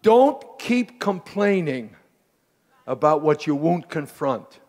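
A bishop preaching a fiery Pentecostal sermon at a live camp meeting, swinging from hushed folksy asides to shouted exhortation. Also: male voice, fairly high pitch, very animated, slow. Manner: folksy, calls listeners pet names. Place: live service before a congregation.

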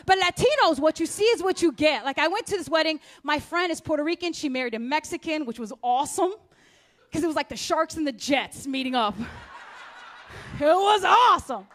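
Her voice sits high and comes across expressive and a bit bright as this American comedian works a club stage. The set is brash and rapid, punctuated by character voices, and the room is echoey with faint noise.

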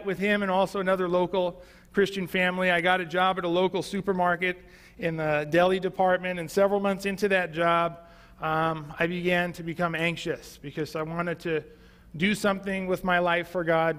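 A pastor shares his testimony in an easy, conversational sermon full of fillers and restarts. His voice sits high for a man. The sound rings with the long reverb of a church hall. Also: fairly bright tone. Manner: conversational storytelling with many fillers.

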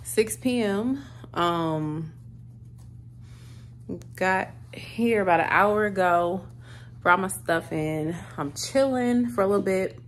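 A woman's voice: mid-range voice, takes it slowly, pauses often, a little hiss or hum. A thirty-year-old woman chatting casually to her camera in a hotel room, easily moved to tears. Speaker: vlogger. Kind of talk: casual vlog chat.

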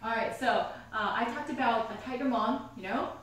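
A woman lecturer teaches a university theology class with animated storytelling, often laughing and asking her students questions. Her voice sits fairly high. The recording is very echoey, picked up from across the room with a faint hum. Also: normal speed, recorded from a distance.

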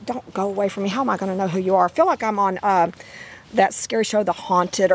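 Hoarse woman chatting to puppies. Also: mid-range voice, fairly quick, slight background noise. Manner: rambling, chatty, sing-song baby talk to puppies. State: hoarse from laryngitis. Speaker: dog breeder. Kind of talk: casual vlog. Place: outdoor yard.

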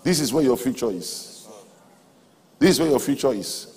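A man preaching a sermon in a large auditorium, emphatic, swinging between soft asides and loud exhortation. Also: medium pitch, expressive, moderate pace, husky. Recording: hall reverb from a large auditorium.

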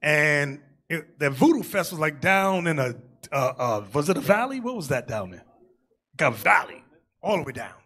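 A man preaching to a congregation in a high, bright voice that swings widely in pitch. He tells stories, jokes with the room and breaks into loud shouted asides. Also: normal speed, slightly rough. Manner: animated, joking storytelling with shouted asides. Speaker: bishop preaching. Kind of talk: sermon.

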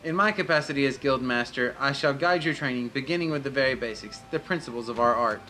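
A man's voice: medium pitch, fast, bright, forceful tone, faint music behind, close to an everyday voice, poor audio. A man reading the lines of a proud male guildmaster of lancers in formal, old-fashioned phrasing. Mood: stern. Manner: formal, archaic phrasing read aloud.

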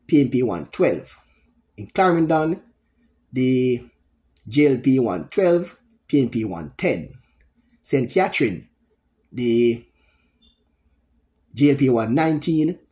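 A middle-aged Jamaican man giving solo political commentary, speaking emphatically and repeating points with frequent pauses. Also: mid-range voice, mellow. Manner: emphatic, repetitive, pausing often.

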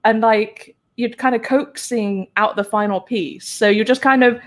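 A woman's voice: a little high, unhurried. A woman hosting a casual live-stream chat, talking freely, laughing often and acting out her own reactions in quoted asides. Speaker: host.

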